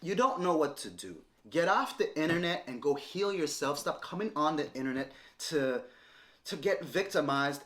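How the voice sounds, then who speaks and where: A man's voice: a little high, animated, normal speed, fairly bright tone. A man in his thirties delivers a direct-to-camera rant at his ex-partner. He is confrontational and keeps circling back to the same points. His voice moves a lot, rising and falling as he presses each one home. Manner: confrontational, repetitive, lecturing. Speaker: vlogger responding to an ex-partner.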